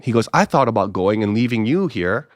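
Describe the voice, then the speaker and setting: A man's voice: brisk, dry recording, clean studio sound. A middle-aged male pastor from Hawaii, telling a story in casual talk and acting out both sides of the dialogue. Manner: animated storyteller, acts out both sides of dialogue with pitch jumps. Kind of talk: casual storytelling podcast interview.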